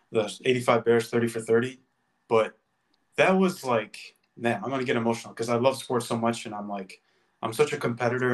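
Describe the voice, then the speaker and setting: A man co-hosting a podcast, making his case in a casual sports debate with passion and emphasis. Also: medium pitch. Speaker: podcast co-host.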